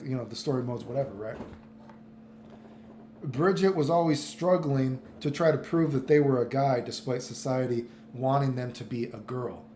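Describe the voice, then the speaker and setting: An exasperated man rants in casual commentary, stumbling into restarts and swearing as he goes. His voice sits a touch high. The room around him is echoey, with faint noise under it. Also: mellow. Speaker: commentary vlogger.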